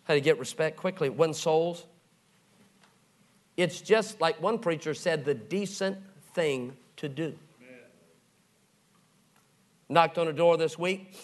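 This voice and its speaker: Animated pastor, man, higher voice. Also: a little slow. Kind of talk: sermon storytelling.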